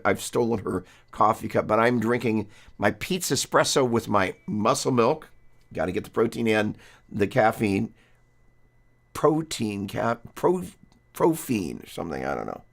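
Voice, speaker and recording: A man with a fairly low voice talks through guitar theory on a live stream. He rambles in a friendly, chatty way, restarting sentences and breaking off to greet viewers. A guitar is heard behind him. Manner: rambling, self-interrupting, chatty.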